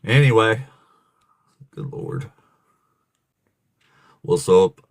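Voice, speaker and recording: A man's voice: on the low side, huge pitch swings, drawn-out words, creaky, dry recording. A man hosting a livestream debate, mocking and swearing constantly while talking over callers. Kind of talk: profane casual livestream chat.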